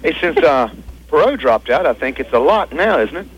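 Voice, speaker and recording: A man calling in to a radio show, talking haltingly with many fillers and chuckles. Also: fairly high pitch, big pitch swings, lo-fi sound. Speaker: caller. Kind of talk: radio call-in chat.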